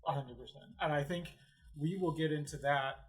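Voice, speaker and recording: A man's voice: on the high side, normal speed. A young married man chatting eagerly about games with a friend as they play. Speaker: co-host. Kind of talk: casual gaming chat.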